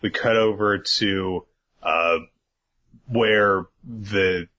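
A man's voice: on the low side, fairly even intonation, very slow, bright, forceful tone, low-quality recording. A man co-hosting a podcast, casually recapping an episode in a rambling way, with lots of fillers and freely dropped swear words. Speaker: podcast co-host.

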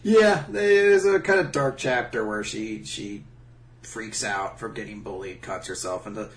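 A man in relaxed, joking casual chat, talking through a story with a co-host. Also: on the low side, a little slow.

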